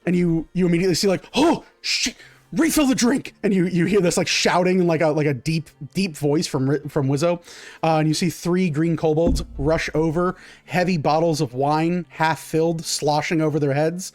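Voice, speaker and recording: A male game master rambles through vivid scene descriptions, full of "uh" and "like." His voice sits fairly high for a man and sounds dry and close. Soft music runs underneath. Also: steady tone, moderate pace, no echo. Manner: rambling, filler-heavy description. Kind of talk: narrating a tabletop game.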